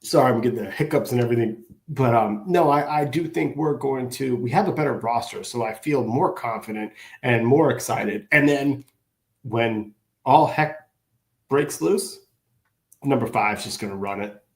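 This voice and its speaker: Co-host guy, calm and thoughtful, mid voice, echoey room. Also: medium pitch, moderate pace. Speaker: podcast co-host. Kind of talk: casual sports talk.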